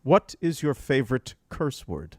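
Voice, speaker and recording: A man co-hosting sports talk radio, excitable, laughing often and riffing on a joke at length. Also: medium pitch, measured pace, dry recording, studio quality. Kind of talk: casual sports radio banter.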